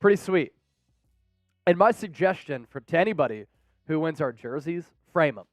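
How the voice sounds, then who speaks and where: A man's voice: fairly high pitch, expressive, normal speed, no echo, soft background music. A man hosting a live sports stream, reading out viewer names in a hyped, playful way and trash-talking rival fans. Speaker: sports show host.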